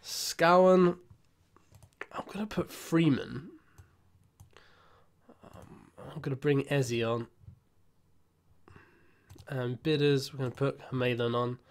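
A young man giving casual, self-mocking commentary while playing a football management game, muttering asides and breaking into excited outbursts. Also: mid-range voice, slow pace, pauses often. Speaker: gaming YouTuber.

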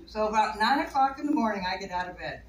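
At a quick pace, this bird keeper's medium-pitched voice sounds animated as she chats and rambles about birds to a small audience, laughing frequently. A distant mic picks up an echoey room and faint noise.

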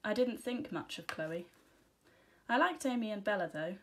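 A woman teacher reading a children's storybook aloud, giving gentle, expressive first-person narration. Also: medium pitch, moderate pace, a little hiss or hum.

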